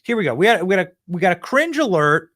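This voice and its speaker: A man hosts a political commentary show, delivering a fired-up, emphatic monologue straight to viewers and often repeating himself. His voice is high and sing-song, quick and a bit bright. The recording is dry and studio quality, with no echo.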